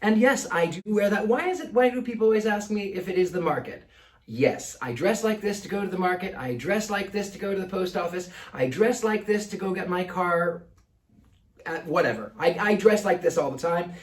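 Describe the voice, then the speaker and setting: A man's voice: sits high, expressive, fairly quick, reverberant, distant mic. A man with an old-fashioned Mid-Atlantic accent and theatrical, precise diction, answering viewer questions in a casual monologue. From United States.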